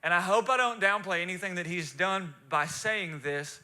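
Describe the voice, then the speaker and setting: A male pastor preaching a sermon in a church, emotional and swinging from soft, confiding talk to shouted fervor. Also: high voice, moderate pace, few pauses. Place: church sanctuary.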